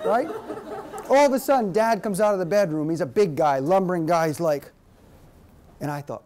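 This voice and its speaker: A man presenting a workshop lecture to an audience, an animated storyteller who repeats key points for emphasis. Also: sits high, a little fast, long pauses, crowd noise, noisy background.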